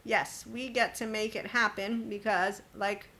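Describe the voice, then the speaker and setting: A woman hosting a spiritual self-help podcast speaks a little slowly in a steady, medium-pitched voice that is bright and forceful, with a little hiss or hum in the background. She keeps her monologue emphatic and chatty, quoting others and laughing suddenly.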